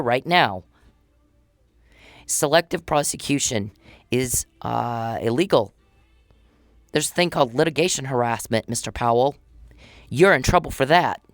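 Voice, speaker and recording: A woman's voice: very deep voice, dry recording, studio quality. A woman delivering a blunt, profane, ranting monologue at an official. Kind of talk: angry monologue addressed to an official.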